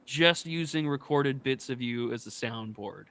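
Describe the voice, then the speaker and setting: Bright, dry-sounding young man joking. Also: medium pitch, measured pace, no echo. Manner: sarcastic, joking, swears. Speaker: podcast host. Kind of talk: casual chat.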